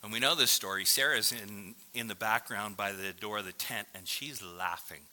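A man's voice: fairly low pitch, moderate pace, pushed and bright. A man preaching a sermon in a conversational way, acting out the voices of the people he quotes. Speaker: pastor.

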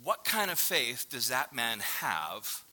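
A man's voice: medium pitch, sing-song, takes it slowly, bright, forceful tone. A man preaching a sermon in a conversational way, acting out the voices of the people he quotes. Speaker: pastor.

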